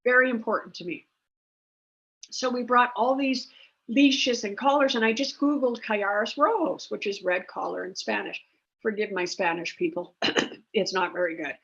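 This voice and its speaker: Bright-voiced chatty woman. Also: mid-range voice, moderate pace, gravelly. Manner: chatty and rambling, many fillers. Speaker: dog rescue founder, guest. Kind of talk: casual storytelling. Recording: dull lo-fi sound.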